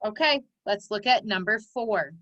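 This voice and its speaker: A woman's voice: mid-range voice, animated, moderate pace, a bit bright, no room sound, highs cut off. A woman teaching phonics, patiently dictating words and stretching out their sounds for young children. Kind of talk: slow, clear teaching dictation.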